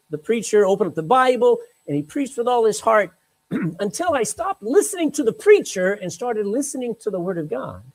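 A man's voice: sits high, darkish tone, rough recording. A man preaching a sermon, reading scripture aloud and breaking in with emphatic, chatty asides. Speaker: pastor.

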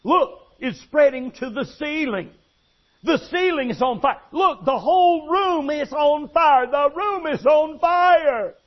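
A man's voice: extremely high pitch, expressive, slow pace, voice pushed up, full character voice. A man voicing a dying old grandfather who screams in terror that the room is on fire. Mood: terrified. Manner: frantic, screaming. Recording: dull lo-fi sound.

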